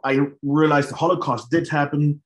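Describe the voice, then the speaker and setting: A middle-aged man telling his own story to an audience in an animated way, acting out his past thoughts. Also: a little high, normal speed. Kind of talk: personal storytelling talk to an audience. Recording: roomy hall sound.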